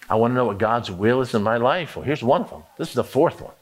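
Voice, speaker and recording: A man's voice: mid-range voice, lively intonation, fast talker, few pauses, breathy edge. A man preaching a sermon, emphatic, acting out prayers and inner talk in the first person. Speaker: pastor.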